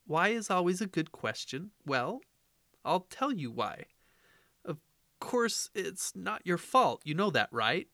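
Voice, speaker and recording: A man playing a flustered mother who stammers and rambles through a hard talk with her little boy, her voice lifted higher than his own. She sounds dry and close, with no room around her. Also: sing-song, slow pace, sharp tone, no echo, exaggerated voice. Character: flustered mother talking to her young son.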